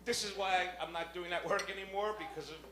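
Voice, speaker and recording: Man, New York accent, stand-up comic, high voice, profane storytelling, roomy noisy club recording. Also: steady tone, a little fast. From the Bronx, New York. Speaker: stand-up comedian. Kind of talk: stand-up set. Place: comedy club on stage. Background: audience laughter.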